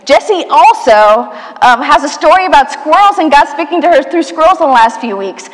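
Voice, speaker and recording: A woman's voice: sits high, expressive, normal speed. Woman preaching a sermon in a reverberant church. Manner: warm storytelling, playful asides, soft hushed moments.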